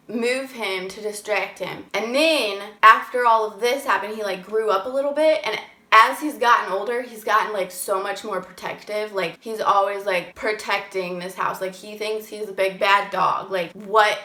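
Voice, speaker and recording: A woman's voice: mid-range voice, bright, forceful tone. A young woman vlogger telling a ghost story in casual chat, saying "like" constantly and swearing offhandedly. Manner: chatty, fills every phrase with "like", swears casually. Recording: echoey room.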